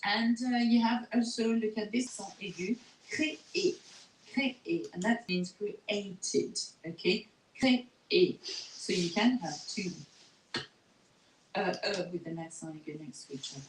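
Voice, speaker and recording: A woman giving a recorded French lesson at a steady mid pitch. She goes through the words patiently, repeats each one and keeps checking in with "okay?". The sound is echoey, with faint hiss under it. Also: a little slow. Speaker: French teacher. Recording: echoey room, faint noise.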